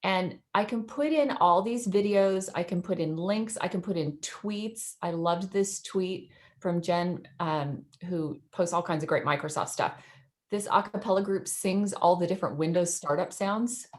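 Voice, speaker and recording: A woman's voice: lowish voice, unhurried. Chatty woman presenting on a video call. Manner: chatty, enthusiastic, laughs often. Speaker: educator presenting in a webinar. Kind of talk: screen-share webinar demo.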